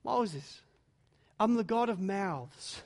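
A man voicing God as calm and reassuring, speaking slowly and softly within a sermon. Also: high voice, exaggerated voice. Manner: slow, soft, reassuring.

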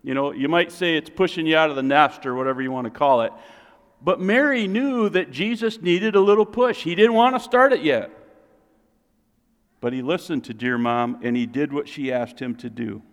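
A middle-aged man preaching a sermon as pastor, lively and joking, building to emphatic peaks. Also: on the high side, normal speed. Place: church sanctuary. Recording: long reverb of a large hall.

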